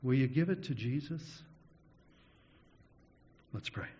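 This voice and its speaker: A man of middle pitch delivers a storytelling sermon, chuckling now and then and slowing into a measured prayer. His voice hangs in a long hall echo, and the recording sounds dull and lo-fi. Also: expressive, dark tone. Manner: anecdotal, chuckles through stories, slows down in prayer. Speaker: preacher.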